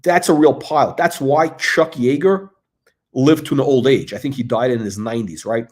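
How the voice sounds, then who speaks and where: A man's voice: mid-range voice, moderate pace, a little mellow. A man hosting a casual livestream, talking in a rambling way with many fillers, restarts and asides, into a computer mic. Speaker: host.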